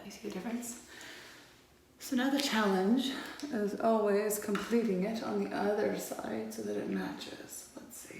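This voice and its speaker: A woman's voice: mid-range voice, vocal fry, a little mellow, slight background noise. A woman vlogger giving a casual makeup tutorial, chatty and upbeat, a little out of breath. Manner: chatty and upbeat, addressing viewers as friends. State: slightly out of breath. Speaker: lifestyle vlogger. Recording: very echoey room.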